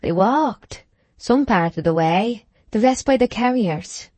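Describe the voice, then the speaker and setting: In an audiobook, a woman voices a timid young woman, her speech trembling, halting, and pleading. Her medium-pitched voice is slightly mellow with lively intonation and a slow pace, recorded without echo.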